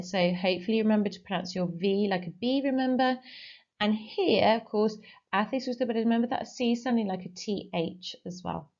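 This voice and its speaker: A woman teaching a recorded Spanish lesson, giving clear explanations and slowly modelling phrases for pupils to repeat. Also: mid-range voice, darkish tone, muffled recording. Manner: slow, clearly modelled pronunciation for repetition. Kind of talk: recorded online language lesson.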